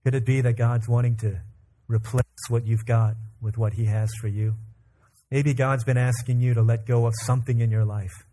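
A man preaching a sermon as pastor, calmly telling a family story and leading the congregation into prayer. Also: medium pitch, moderate pace. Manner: calm storyteller who acts out family dialogue.

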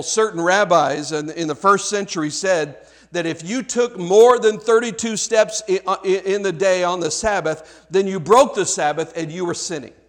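A man's voice: high voice, fairly bright tone. A man preaching a sermon to his congregation, conversational, with frequent restarts, asking the listeners questions directly. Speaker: pastor.

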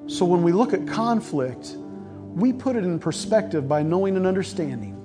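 A man's voice: sits high, expressive, normal speed, over music. A middle-aged male pastor preaching a sermon, telling a personal story earnestly and repeating words as he builds his points.

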